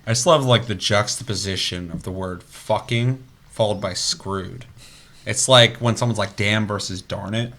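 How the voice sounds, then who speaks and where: A young man co-hosting a gaming podcast, chatting casually with a fairly low voice. He tells stories in a loose, animated way and swears freely as he goes. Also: normal speed. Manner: loose, profane, animated storytelling. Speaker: podcast co-host.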